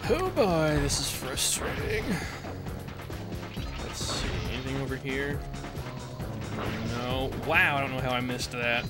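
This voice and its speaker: A man's voice: mid-range voice, animated, measured pace, pauses often. A man streaming a video game, chatting casually in a rambling, self-correcting way and laughing often. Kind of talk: casual gameplay commentary. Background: game music.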